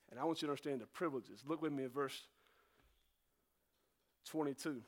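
A male pastor preaching a sermon, talking fast and excitedly, then slowing down to stress key words. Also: a little high. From North Carolina.

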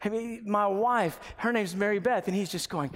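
A man preaching a lively sermon with humor and quick asides. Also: sits high, in a large hall. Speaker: pastor.

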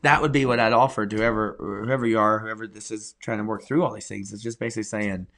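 An earnest pastor talks in a relaxed church podcast, his voice sitting a little low. He leans on key words and repeats them for emphasis, steady and sincere. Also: quick pace, gravelly. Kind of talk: conversational church podcast talk.

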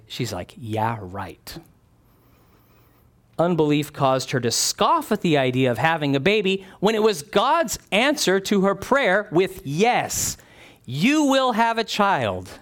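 A man preaching a sermon, animated, dropping his voice low and soft when he acts out quoted lines.

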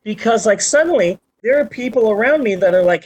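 A podcast host in their forties in casual chat, animated and swearing freely. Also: mid-range voice, brisk, few pauses, low-quality recording. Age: 40s.

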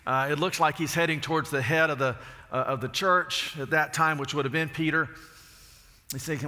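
A man's voice: on the high side, fairly even intonation, normal speed, bright, forceful tone, in a large hall. A man preaching a sermon, telling folksy stories and asking rhetorical questions.

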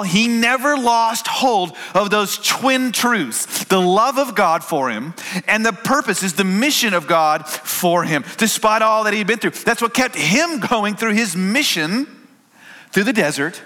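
A man preaching a sermon, telling stories in a relaxed, conversational way with small restarts. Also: high-pitched. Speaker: pastor.

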